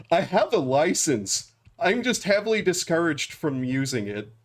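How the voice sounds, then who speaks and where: Young male streamer, slow, fairly high voice, rambling anecdote with laughs. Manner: rambling, laughs often, acts out quotes flatly. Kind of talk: casual storytelling while gaming.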